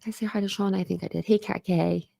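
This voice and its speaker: A woman hosting a livestream, chatting casually and greeting her viewers one by one, warm and grateful toward them. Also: mid-range voice, fairly even intonation, quick pace, creaky, no echo, studio quality. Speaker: livestream host. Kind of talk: casual live chat with viewers.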